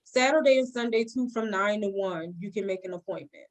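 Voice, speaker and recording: A woman's voice: mid-range voice, fairly quick, rough recording. A woman nurse, a guest on a podcast interview, explaining her work in an earnest, explanatory way. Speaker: nurse and co-founder of a recovery clinic, guest. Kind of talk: interview answers.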